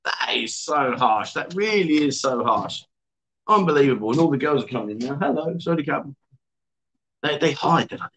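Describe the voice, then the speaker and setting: A chatty man hosts a casual livestream from an indoor venue, greeting viewers by name and reading their comments aloud. His voice sits a little higher than most men's, and his delivery stays upbeat and informal. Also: animated, normal speed, fairly bright tone. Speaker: livestream host.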